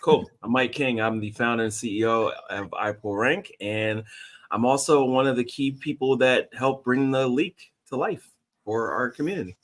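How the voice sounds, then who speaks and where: A man speaking as a co-host on a webinar over a video call, relaxed and easygoing. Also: mid-range voice, moderate pace. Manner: relaxed, laughs easily. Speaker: agency founder, co-host. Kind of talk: casual webinar chat.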